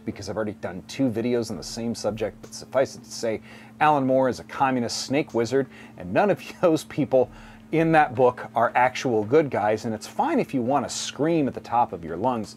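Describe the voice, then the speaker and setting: A man hosting a scripted commentary video essay, with a sardonic delivery and mocking asides. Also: medium pitch.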